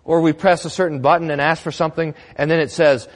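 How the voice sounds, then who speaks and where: A man's voice: fairly high pitch, expressive, fast talker. A male pastor preaching a sermon in a church, conversational with wry humor.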